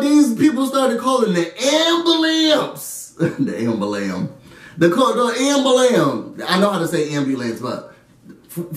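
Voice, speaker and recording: A young man, telling an animated storytime with a high, lively voice. He sits back from the mic in an echoey room and keeps slipping into other people's voices. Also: distant mic. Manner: animated, acts out friends' voices, laughs often.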